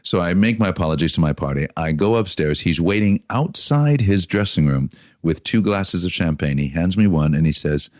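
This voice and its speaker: Very deep-voiced American man telling stories. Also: moderate pace, no echo, studio quality. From United States. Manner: animated storyteller, acts out quotes with big swings. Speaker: podcast guest, actor. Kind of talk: casual anecdote telling.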